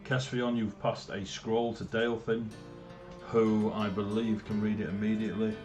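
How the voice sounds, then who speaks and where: A man's voice: fairly low pitch, flat delivery, normal speed, darkish tone. A man running a tabletop game and laughing often in loose, chatty talk. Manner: laughing, loose and chatty, plays shopkeepers briefly. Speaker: game master. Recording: online call with faint music behind.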